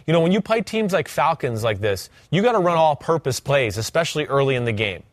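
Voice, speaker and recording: A man's voice: on the high side, quick pace, few pauses, no room sound, studio quality. A man who once played the game, co-hosting a casual sports talk show and acting out what players think. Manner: animated, acts out players' voices. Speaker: former player turned co-host.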